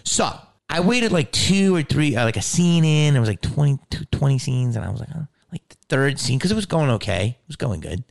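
A man, an actor and comedian, telling a story in casual talk, animated and profane, acting out the people he quotes. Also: medium pitch, brisk, vocal fry, hardly any pauses.

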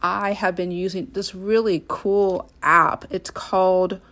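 A woman's voice: medium pitch, level tone, slow, a bit bright. A woman hosting a solo self-care podcast, talking earnestly and encouraging the listener directly. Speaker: podcast host and coach.

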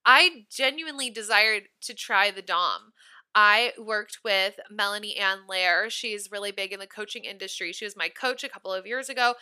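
Brief: woman host, lively storyteller, very bright and smooth, slightly high. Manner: animated, giggly, emphatic. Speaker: podcast host. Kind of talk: casual storytelling monologue.

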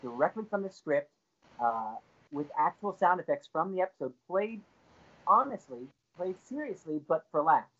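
Lively male storyteller, muffled sound. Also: medium pitch. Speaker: actor and co-author guest. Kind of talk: storytelling interview. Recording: dull lo-fi recording.

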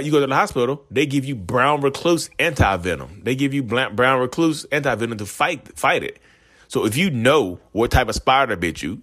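A man's voice: medium pitch, fairly bright tone. A man ranting in a casual monologue, rambling and repeating himself as he acts out quoted voices. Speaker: self-aware narcissist vlogger.

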